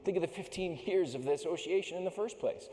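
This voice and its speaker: A man's voice: high-pitched, fast talker. A middle-aged man giving a joking, motivational keynote speech on a stage microphone in a large conference hall. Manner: animated, joking storyteller. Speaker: keynote speaker. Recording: echoey hall with long reverb.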